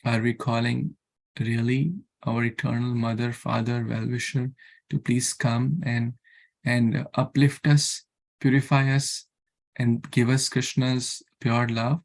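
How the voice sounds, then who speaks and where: A scripture class speaker delivers an earnest sermon slowly, his mid-range voice level in tone and marked by vocal fry. He keeps repeating himself and asking his listeners rhetorical questions, with chants and Sanskrit verses woven throughout.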